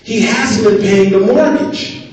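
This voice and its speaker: A man's voice: sits high, slow pace, a crowd in the background, pitched above the performer's own voice. A man voicing a female office clerk who explains the rules firmly and matter-of-factly. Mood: explaining firmly. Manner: firm, explanatory. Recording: echoey hall from far off.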